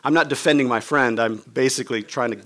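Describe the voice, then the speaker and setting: Speaking fast with a medium-pitched, fairly bright voice, a pastor preaches by recounting something that happened to him. He plays the characters himself and keeps it loose and chatty, full of "like" and "right?" asides.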